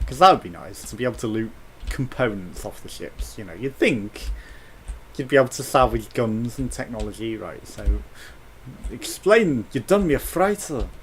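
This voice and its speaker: A man's voice: fairly low pitch, animated, normal speed, a little hiss or hum. A British man commentating a space game, reading its text aloud with jokes and swearing. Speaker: let's play host.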